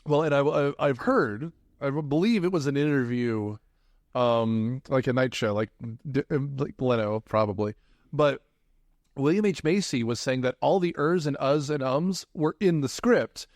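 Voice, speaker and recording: A man's voice: mid-range voice, unhurried, no room sound, studio quality. A man hosting a casual movie podcast, rambling and hesitant and often breaking into laughter. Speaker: podcast host.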